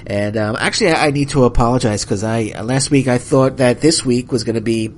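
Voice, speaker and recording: A man's voice: medium pitch, fairly quick, a little hiss or hum. Angry rambling male podcast host. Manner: angry, rambling, apologetic, many restarts. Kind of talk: solo wrestling podcast rant.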